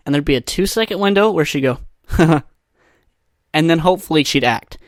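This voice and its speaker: A man's voice: on the high side, normal speed, dry recording, studio quality. A young man hosting a solo podcast, rambling through crude, self-deprecating jokes. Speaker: podcast host. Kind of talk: solo casual podcast monologue. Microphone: podcast microphone.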